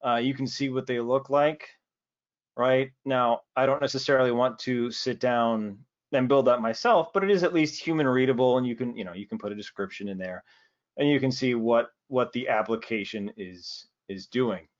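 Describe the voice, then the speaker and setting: A man giving a casual, joking technical demo over a video call, often tossing in a quick "right?". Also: mid-range voice, muffled recording. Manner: easygoing, joking, peppers speech with "right?". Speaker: presenter.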